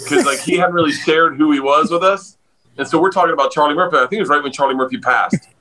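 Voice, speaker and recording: A man, a comedian guest on a podcast, telling stories over a video call with lots of laughter and excited jumps in pitch. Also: fast, slight background noise, rough recording. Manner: loud storyteller, laughs a lot, jumps up in pitch when excited. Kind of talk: casual podcast chat.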